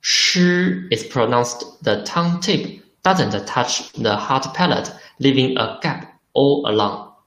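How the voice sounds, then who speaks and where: A man's voice: mid-range voice, slow pace, hardly any pauses, a bit bright, reverberant, poor audio. A man teaching a lesson in English, patiently repeating syllables for drills. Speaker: Chinese teacher. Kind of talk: language lesson.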